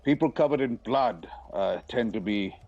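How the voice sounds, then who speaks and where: A man role-playing in a tabletop game with a wry, deadpan delivery. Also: medium pitch, normal speed, muffled recording. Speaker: player.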